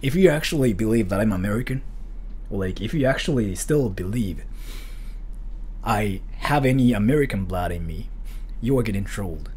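A man's voice: fairly low pitch, animated, moderate pace, long pauses, darkish tone, breathy edge. A young man streaming live, reading viewer messages in a casual chat and talking in an exaggerated surfer-dude style, repeating dude and bro. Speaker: livestreamer.

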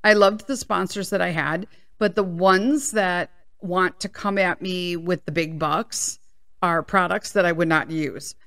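A woman's voice: lowish voice, fairly even intonation, a little slow, fairly bright tone. Chatty, candid woman in her fifties. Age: 50s. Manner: candid and chatty, swears freely. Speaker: podcast host. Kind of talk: casual solo podcast chat. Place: small home studio. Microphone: studio microphone.

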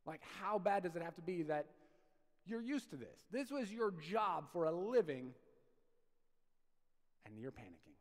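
A male pastor preaching a sermon, conversational and animated, swinging from loud bursts to soft asides. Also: high-pitched, normal speed, pauses often, big-room sound. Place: church sanctuary.

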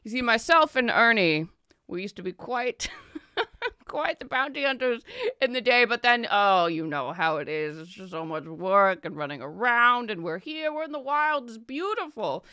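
A woman voicing a jovial, rotund human merchant man who gushes with flattery. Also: moderate pace, clear, resonant tone, no echo, clean studio sound. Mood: chatty. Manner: gushing, flattering, booming.

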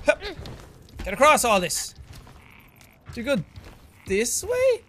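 A man in his twenties giving excitable let's play commentary, talking to an in-game creature like a pet and swearing now and then. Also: very high-pitched, slow, a little hiss or hum. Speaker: gaming video host.

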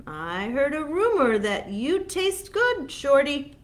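A woman's voice: sits high, big pitch swings, slow pace, pitched above the performer's own voice, heavily acted. A woman voicing a hungry female troll with a scratchy, roaring, threatening voice for a storybook reading. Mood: hungry menacing.

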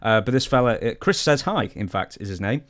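A man from outside the US hosting an interview, asking casual questions with some hesitation. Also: medium pitch. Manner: quick, lively, with filler hesitations. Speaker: interviewer, host.

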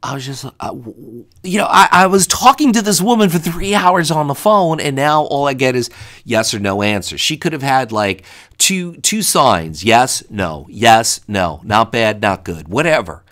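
A man's voice: medium pitch, big pitch swings, moderate pace, a bit bright. A man telling a comedic story about bad dates, exasperated and acting out the dialogue.

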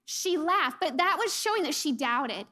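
A woman delivers a church sermon in a high, bright-pitched voice. Her telling is lively and expressive, and she acts out quoted lines. She sometimes sinks to a soft, breathy near-whisper for emphasis. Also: moderate pace. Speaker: preacher; mother.

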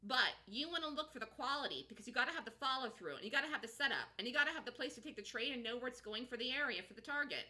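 Emphatic, bright-voiced woman trading host. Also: on the high side, animated, rapid-fire, few pauses. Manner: emphatic, rambling, repeats herself; reads and answers viewer chat. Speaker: stock trading show host. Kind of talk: live market commentary.

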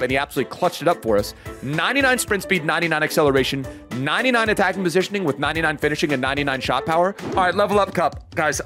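A young man giving lively, excitable commentary as he plays a football video game, talking straight to his viewers and venting when things go wrong. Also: a little high. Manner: animated, talks to viewers, frustrated outbursts. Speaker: gaming YouTuber.

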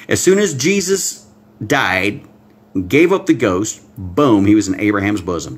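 A man preaching a livestream Bible-code sermon, excitable, swinging between hushed asides and loud exclamations and talking straight to his viewers. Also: lowish voice, a little slow, breathy edge. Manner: talks directly to viewers, reads out comments. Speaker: pastor.

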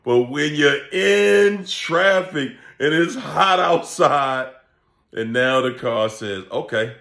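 A man, hosting a casual comedic vlog rant, laughing often and animated as he acts out quoted voices. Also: on the high side, slow pace, gravelly. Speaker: channel host and coach. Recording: echoey room.

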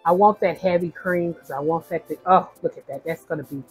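A woman's voice: on the low side, fairly even intonation, brisk, faint music behind, poor audio. A woman cooking at the stove in a home kitchen, chatting casually and narrating each step for her viewers. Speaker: home cook.

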